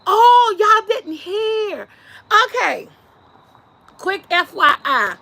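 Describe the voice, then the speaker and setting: Bright high-voiced woman live-streaming. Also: very slow, gravelly. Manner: lively, laughs often, talks to chat. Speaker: vlog host. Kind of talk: casual live-stream chat.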